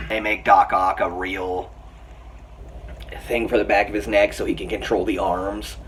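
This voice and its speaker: Excitable man reviewing a movie, somewhat low-voiced. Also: unhurried. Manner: excited, chatty, laughs often, many fillers. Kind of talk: casual spoken film review. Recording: voice a bit far from the mic, faint background noise.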